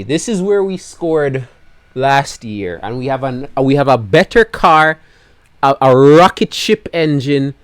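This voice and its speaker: A man commentating live on his own gameplay, his voice going hoarse as he swings between low despairing mutters and loud excited outbursts. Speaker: gaming video creator.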